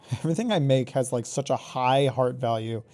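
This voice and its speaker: A man's voice: mid-range voice, darkish tone. A man with a Midwestern American accent, chatting casually and rambling while streaming a game, swearing freely. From Oregon, raised in Michigan. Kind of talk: live gameplay commentary chatting with viewers.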